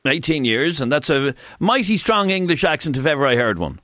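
Irish man, radio phone-in host, relaxed questioning, close dry studio mic. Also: fairly high pitch, a little fast, no echo. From Ireland. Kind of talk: live radio phone-in chat. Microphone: studio microphone.

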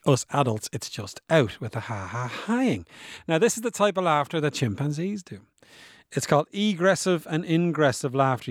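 A man's voice: medium pitch, no room sound. A man explaining science in a casual, chatty way, often asking his listeners rhetorical questions. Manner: chatty, asks rhetorical questions, demonstrates laughs. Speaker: science presenter. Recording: dry with faint music behind.

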